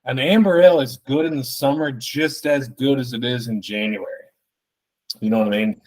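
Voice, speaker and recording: Tipsy male podcaster, ranting solo, swears freely, loose and jokey, average pitch. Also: fairly even intonation, normal speed, darkish tone. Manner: rambling, profane, jokey. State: tipsy from drinking beer. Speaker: podcast host. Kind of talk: solo casual podcast rant.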